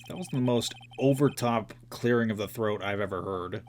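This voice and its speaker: A man's voice: on the low side, a little hiss or hum. A young man voicing a game's dialogue, with jokey, self-mocking asides. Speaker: let's play voice actor. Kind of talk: game playthrough with voiced dialogue.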